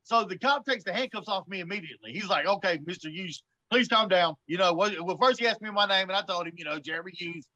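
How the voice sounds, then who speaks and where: A man, telling a story in an animated way, often stammering and laughing. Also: high voice, fast talker, few pauses, lo-fi sound. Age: 40s. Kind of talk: casual storytelling.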